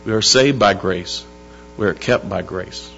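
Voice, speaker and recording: A man preaching a sermon to his church, emphatic, slowing down to stress key words and calling out to the congregation. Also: on the low side, creaky, a bit bright. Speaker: pastor. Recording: dull lo-fi sound with faint music and hum.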